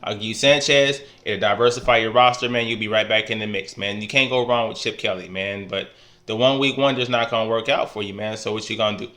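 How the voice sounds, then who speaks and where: A man talks trash in a loose, easygoing video message. His voice is bright and pushes forward. He teases his friends playfully and caps almost every phrase with "man". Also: on the low side, fairly even intonation, fast talker. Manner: laid-back, ends nearly every phrase with "man"; teasing, playful ribbing. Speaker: fantasy football league member. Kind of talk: casual trash-talk vlog.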